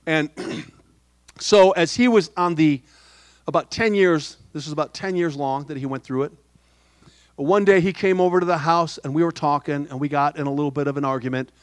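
A middle-aged man preaching a sermon, soft-spoken, telling a personal story with humor and quoted dialogue. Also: fairly high pitch, normal speed, no echo, clean studio sound. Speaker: pastor.

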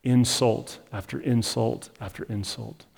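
A man's voice: mid-range voice, steady tone, measured pace, vocal fry, darkish tone, husky, in a large hall. A man preaching a sermon as pastor, in a conversational, emphatic style that acts out the story.

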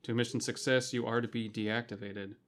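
A detached spaceship computer speaks in a flat, formal robotic cadence, calm and clipped, as a man puts it on. He reads like a storybook machine that weighs lives as numbers. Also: mid-range voice, a little fast, lightly acted. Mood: cold, formal. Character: cold calculating male spaceship AI. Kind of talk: reading a story aloud.

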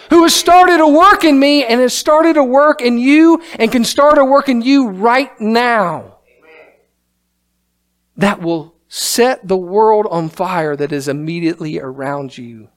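A man with a very high-pitched voice preaching a sermon in a church sanctuary. He reads scripture and speaks emphatically, rising to exclamations.

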